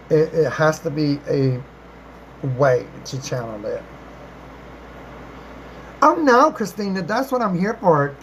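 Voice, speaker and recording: A chatty, affectionate host running a live stream, calling viewers darling and baby. Speech wanders and repeats, with sudden upward leaps in pitch on greetings, around a mid-range voice. Faint noise sits under the voice. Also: rough recording. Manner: chatty, repeats and rephrases, with swooping pitch jumps. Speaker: livestream host answering viewer questions. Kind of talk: casual live-stream chat.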